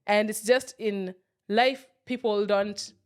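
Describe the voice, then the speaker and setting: Woman, podcast co-host, mid-pitched, reflective casual chat with restarts. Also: steady tone, takes it slowly, clear, resonant tone. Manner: reflective, talks in loose restarts, acts out quoted people.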